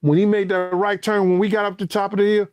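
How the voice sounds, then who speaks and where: A high-sitting male voice, fast and smooth, comes through a dry recording. He tells an animated story in profane, everyday speech, playing the quoted parts and escalating to shouts as it grows tense and exciting.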